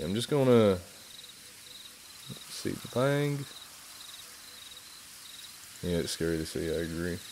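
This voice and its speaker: Man doing a jokey Southern good-old-boy, lively chatty stream host, bouncy delivery. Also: mid-range voice, a little hiss or hum. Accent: put-on American Southern. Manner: playful, self-mocking, chatty. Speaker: livestream host. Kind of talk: casual live-stream chat.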